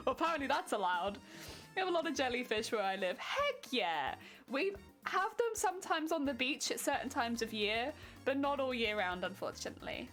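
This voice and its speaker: A woman's voice: high-pitched, very animated, measured pace, pauses often, a bit bright, faint music behind. A young British woman streaming casually while crafting, chatty and giggling often. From Britain.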